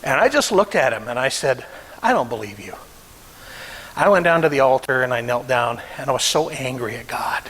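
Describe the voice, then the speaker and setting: A middle-aged male pastor delivers a sermon as a story, emotional and animated, acting out the voices of the people in it. His voice sits at a middle pitch and carries a long reverb from a church hall. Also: fairly quick, few pauses. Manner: emotional, acts out quoted voices.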